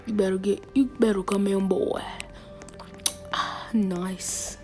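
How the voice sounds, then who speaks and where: A woman's voice: mid-range voice, steady tone, slow, long pauses, a little mellow, soft background music. A woman giving casual, playful gameplay commentary as a game streamer, teasing other players and often dropping into a whisper.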